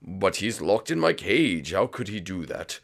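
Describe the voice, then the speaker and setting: A man's voice: deep voice, sing-song, measured pace, creaky, full character voice. A man playing a gloating reptile villain. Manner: gloating, theatrical. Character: scheming male reptile villain professor.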